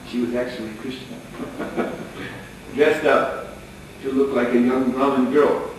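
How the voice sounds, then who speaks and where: A man giving a lecture, telling a sacred story as an animated storyteller who often chuckles. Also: medium pitch. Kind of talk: storytelling sermon. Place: lecture hall. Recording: echoey hall, distant mic, faint noise.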